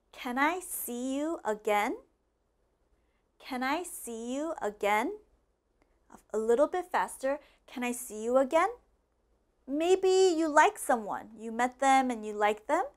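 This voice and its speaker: A patient woman teaches English at a deliberately slow pace, saying each phrase twice and checking in often. Her voice sits a little high. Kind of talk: slow classroom explanation. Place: classroom with a board.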